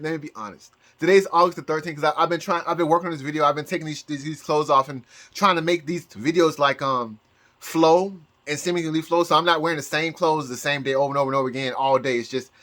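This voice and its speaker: A man's voice: on the high side, pushed and bright. A man talking in a casual vlog as a psychic, rambling with many restarts and bursts of laughter. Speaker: psychic YouTuber.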